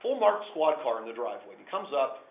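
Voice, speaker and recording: A man telling a true story to a small group of listeners, animated, swinging between hushed and loud. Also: medium pitch, brisk. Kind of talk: live personal storytelling to listeners. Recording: echoey room over a tinny phone-like line.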